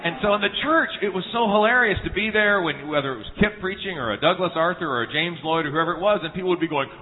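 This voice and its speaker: A man's voice: high-pitched, expressive, quick pace, slight background noise. Folksy preacher man in a big hall. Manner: earnest, folksy and humorous, with frequent restarts. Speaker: guest preacher at a church conference. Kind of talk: sermon with anecdotes. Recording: tinny phone-like sound in a reverberant hall.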